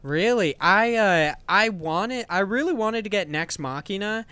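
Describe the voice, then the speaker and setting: Upbeat podcast host man, smooth dry voice. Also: sits high, lively intonation, a little slow, sharp tone, dry recording. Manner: enthusiastic, rambling with restarts and laughs. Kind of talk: casual podcast chat.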